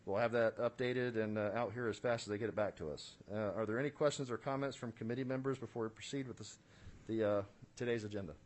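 A state senate committee chair with a lowish voice and steady tone talks quickly while running a formal legislative hearing in a committee room. He's businesslike and procedural, saying "uh" a lot and tossing in the odd dry aside.

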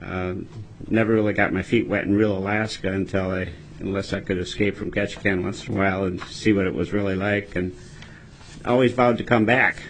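A man in his sixties from Michigan, testifying as a state health commissioner at a committee hearing, measured and self-deprecating with frequent pauses and fillers. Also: deep voice, steady tone, slight background noise, poor audio.

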